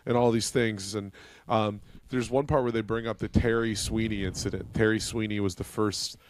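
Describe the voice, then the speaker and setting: A man's voice: on the low side, steady tone, normal speed, dry recording. Brief: rambling, laughing male podcast co-host, dry close sound. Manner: laughing, rambling storytelling with quoted voices. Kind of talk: casual comedy podcast chat. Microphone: podcast mic, laptop camera.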